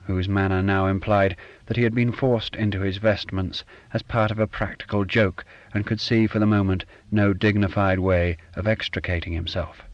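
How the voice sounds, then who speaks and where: A man reading literary fiction aloud as an audiobook narrator, measured and even. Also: fairly low pitch, muffled recording.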